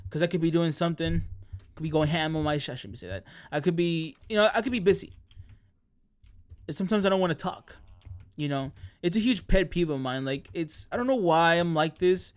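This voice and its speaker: A man streaming, chatting casually in a rambling way, often correcting himself and laughing mid-sentence. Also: fairly high pitch. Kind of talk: casual chat.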